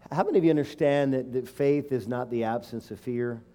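A man's voice: mid-range voice, a little fast, warm tone. A middle-aged man preaching a sermon and telling a personal story, emotional and emphatic, rising to fervent declarations.

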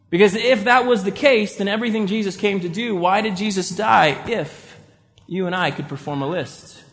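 A man's voice: high voice, normal speed, fairly bright tone, soft background music. A man preaching a conversational sermon as pastor, acting out inner voices with little sighs. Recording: long reverb of a church hall.

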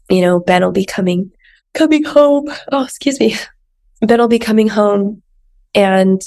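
A woman's voice: medium pitch, vocal fry, a little mellow. A woman life coach hosting her own podcast in a chatty, personal way, with frequent asides. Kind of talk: casual solo podcast talk.

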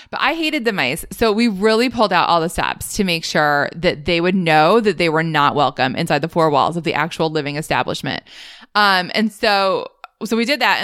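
A young adult woman hosting a podcast, telling her own stories in a casual, animated way with frequent laughs. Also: clean tone, no room sound, studio quality. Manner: animated, laughs often, rises high when retelling panic. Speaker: podcast host. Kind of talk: casual storytelling monologue.

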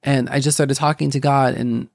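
Gravelly young man sharing a faith story. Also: medium pitch, little pitch movement, darkish tone, no room sound, clean studio sound. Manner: rambling, halting, many restarts and fillers. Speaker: podcast host. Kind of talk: personal faith testimony.

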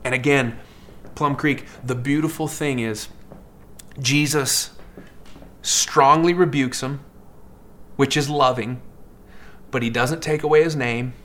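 A man preaching a sermon in a lively, conversational way, acting out characters in quick asides. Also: medium pitch. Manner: animated, acts out characters in asides; fast, conversational preaching with many fillers. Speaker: pastor.

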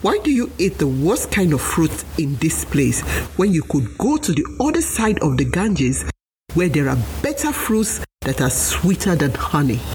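A woman voicing a sly, scheming male alligator who speaks in a smooth, coaxing way in a storybook tale. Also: sits low, very animated, normal speed, darkish tone, slight background noise.

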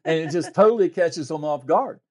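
A man who works as a private investigator tells stories in an interview, his fairly high voice moving briskly. He is an animated storyteller who brings the quotes to life by acting them out.

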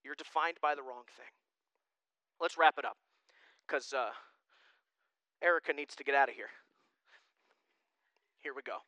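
A man preaching a sermon as pastor, emphatic and animated, with joking asides to his congregation. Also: high voice, normal speed, pauses often, clear, resonant tone, dry recording.

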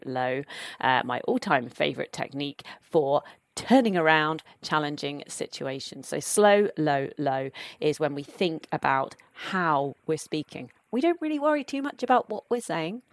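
A woman hosting a podcast and calmly explaining steps for supporting children, in a measured, step-by-step way. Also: low voice, dry recording, studio quality. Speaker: podcast host and educator. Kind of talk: instructive podcast talk.

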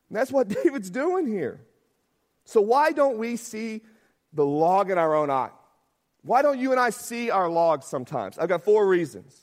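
A man preaching a sermon as pastor, talking conversationally, often asking "right?" and acting out quotes. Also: sits high.

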